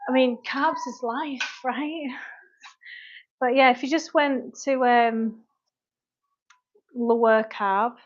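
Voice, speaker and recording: A woman's voice: a little high, fairly even intonation, takes it slowly, long pauses. A British woman in her thirties, a fitness coach chatting casually on a livestream at home, reading viewer comments aloud and breaking off to tend her kids. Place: home kitchen. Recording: dull lo-fi livestream audio.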